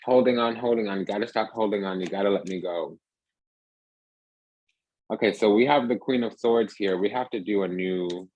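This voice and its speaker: Husky-voiced man giving a rambling tarot reading. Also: fairly low pitch, normal speed, darkish tone, highs cut off. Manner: rambling and emphatic, restless. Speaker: tarot reader.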